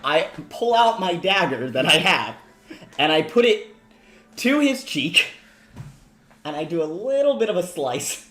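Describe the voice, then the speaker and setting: A man's voice: on the high side, very animated, measured pace, long pauses, pushed and bright. A man playing a tabletop role-playing game in casual chat, intense, swearing and laughing often. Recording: roomy echo.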